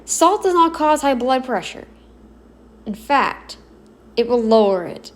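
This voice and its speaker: A woman giving casual reaction commentary, halting and self-correcting, blunt and exasperated in her opinions. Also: sits high, expressive. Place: home, kneeling then seated.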